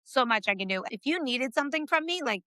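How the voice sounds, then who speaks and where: A woman talks as a guest on a podcast, animated and quick, scattering her sentences with fillers. Her voice is fairly high and bright, with a dry, close sound. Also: no echo. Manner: animated and fast-talking, fillers like "like". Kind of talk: casual conversation.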